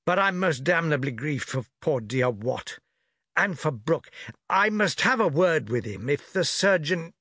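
A man's voice: a little high, big pitch swings, a little slow, sharp tone, breathy edge, no room sound, studio quality, exaggerated voice. A man voicing a hearty, blustering older naval admiral who talks in exclamations. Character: bluff hearty older male port admiral.

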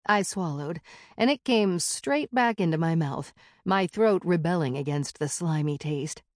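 Frau, die ein Hörbuch erzählt. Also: female voice, fairly low pitch, a little mellow, no echo, clean studio sound. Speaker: audiobook narrator. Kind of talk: first-person audiobook narration.

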